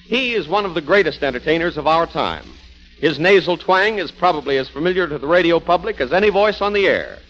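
A man working as a 1940s radio announcer, giving formal, booming introductions. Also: lively intonation, fairly quick, a bit bright. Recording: dull 1940s radio broadcast with faint music.

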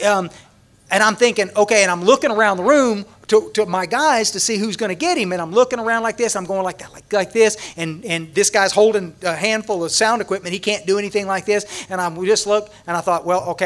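A man, speaking at a recovery conference and animatedly acting out a story for the audience, with many restarts. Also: high voice. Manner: animated, acts out scenes, frequent restarts. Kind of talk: storytelling talk to a large audience.

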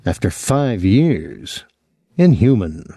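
A male audiobook narrator with a mellow, warm tone and a lively, rising and falling delivery. The recording is dry and close, with no room sound. He tells the story in a measured, expressive way. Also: fairly low pitch, creaky, husky, dry recording. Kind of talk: scripted narration.

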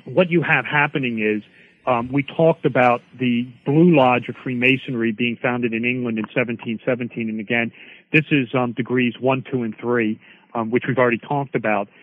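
A man's voice: mid-range voice, steady tone, normal speed. A man explaining history as an interview guest, rambling with many fillers. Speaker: guest expert on Freemasonry. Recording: dry, tinny phone line.

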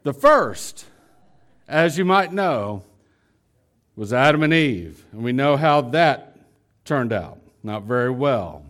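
A male pastor preaching a sermon, animated and talking straight to his congregation. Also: medium pitch, takes it slowly, pauses often. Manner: animated, acts out dialogue; addresses congregation directly.

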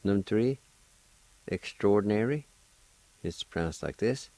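The audio is dry and poor as a man patiently teaches a language on the radio, saying every word twice and spelling it out letter by letter. His lowish voice has a dark tone and lively intonation.

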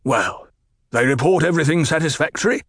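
A man's voice: on the high side, lively intonation, a little fast, fairly bright tone, no echo, studio quality. A man voicing a cruel, domineering, gluttonous baron who snaps impatiently at his underlings.

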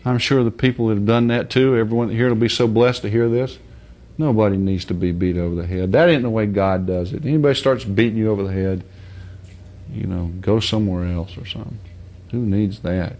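A man preaching an informal sermon in a blunt, folksy way with mild swearing, dropping low and soft, then rising to high, loud shouts. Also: brisk.

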